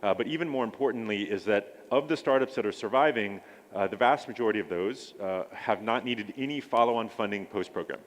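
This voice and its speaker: A man pitching his startup accelerator at a conference, hesitant, with many filler sounds and restarts. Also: fairly quick, a little hiss or hum.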